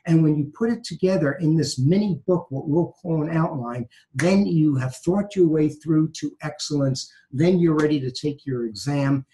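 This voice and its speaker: A man's voice: a little high, normal speed, few pauses, warm tone, poor audio. Emphatic man, law professor. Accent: Brooklyn. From New York. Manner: emphatic, repeats key phrases. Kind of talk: conversational advice talk.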